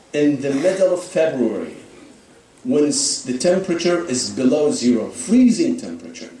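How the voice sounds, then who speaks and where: A man's voice: a little high, a little mellow, a little hiss or hum. A man preaching a sermon, telling a story dramatically with frequent "you know" fillers. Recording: echoey hall, speaker far from mic.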